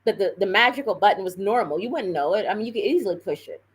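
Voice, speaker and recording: A woman's voice: medium pitch, lively intonation, fast, slightly rough, poor audio. A woman on a live stream telling a story in a casual, rambling way, full of fillers and self-corrections.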